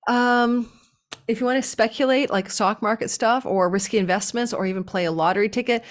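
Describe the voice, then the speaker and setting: A woman giving a casual astrology forecast, talking with a lively up-and-down cadence and chatty asides. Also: on the high side, brisk.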